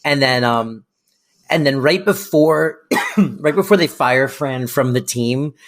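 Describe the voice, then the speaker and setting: A man's voice: medium pitch, slow pace. Easygoing man podcast co-host. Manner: easygoing, with frequent hesitations and laughs. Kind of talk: casual recap chat.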